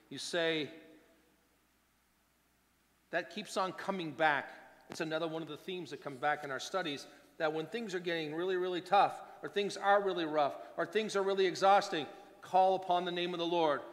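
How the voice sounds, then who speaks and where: A pastor delivering a sermon, his delivery swinging between hushed and loud. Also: on the high side, measured pace, big-room sound. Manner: preaching with wide swings between soft and loud.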